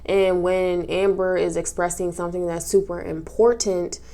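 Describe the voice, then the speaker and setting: Woman, low-pitched voice, tearful and sniffling, casual recap vlog, many fillers. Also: flat delivery, moderate pace, mellow. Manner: emotional, talks through tears, many fillers. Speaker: recap vlogger.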